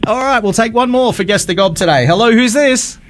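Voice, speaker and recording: A man's voice: very high voice, a little fast, a little hiss or hum. A man with an Australian accent hosting a radio call-in segment, cheery and teasing with callers. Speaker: radio host. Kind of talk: upbeat radio call-in chat.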